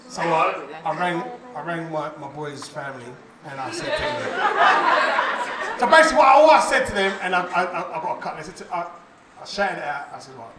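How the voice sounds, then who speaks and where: A man performing a stand-up comedy set on a club stage, animated and laughing, shouting his punchlines. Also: high voice, moderate pace, long pauses, heavy background noise. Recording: echoey club room, distant mic, loud crowd.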